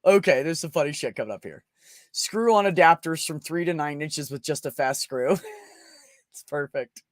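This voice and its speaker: A man's voice: a little high, lively intonation, moderate pace, dry recording, clean studio sound. A young man hosting a casual livestream, crude and joking, laughing often as he reads chat. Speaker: livestream host.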